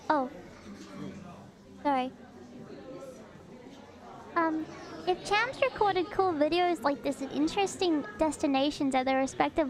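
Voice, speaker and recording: A woman streamer chatting live and reacting to what she watches, bubbly and excitable, often gasping in delight. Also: high-pitched. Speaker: streamer host.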